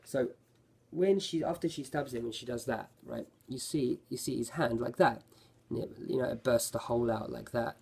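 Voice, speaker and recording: Male anime reviewer, casual and rambling; gravelly, husky tone. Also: medium pitch, moderate pace, a little mellow. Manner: rambling, self-correcting, lots of fillers.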